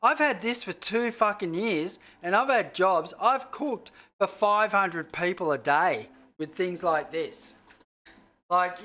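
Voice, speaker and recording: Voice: medium pitch, lively intonation, takes it slowly, sharp tone. A chef chatting casually through a home cooking livestream, rambling between tasks and swearing freely. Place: home kitchen.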